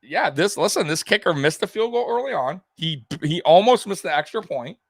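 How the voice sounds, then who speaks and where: A young man hosting a live sports stream, talking straight to his viewers in an animated, repetitive way with plenty of swearing. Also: high voice, normal speed, dry recording. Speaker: sports livestream host. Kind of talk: live postgame commentary to viewers.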